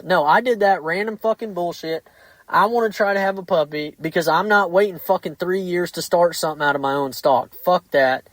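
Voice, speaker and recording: A blunt, foul-mouthed man hosts a casual podcast chat and swears his way through animated stories. His voice sits a touch high. The sound is close and dry. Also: brisk, no room sound, low-quality recording. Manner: profane, blunt, animated storytelling. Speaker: podcast host.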